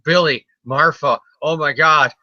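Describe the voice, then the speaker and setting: A man's voice: fairly high pitch, fairly even intonation, unhurried, pushed and bright, no echo. A man voicing a fretful middle-aged male scientist who whines in mock panic, on a dull lo-fi recording. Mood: panicky. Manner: mock-anxious whining.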